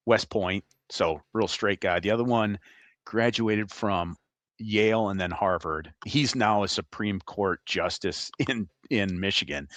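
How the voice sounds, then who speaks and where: Low-voiced man telling lively stories. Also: no echo. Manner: animated, laughing anecdotes. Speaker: retired FBI agent, guest. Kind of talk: casual storytelling interview.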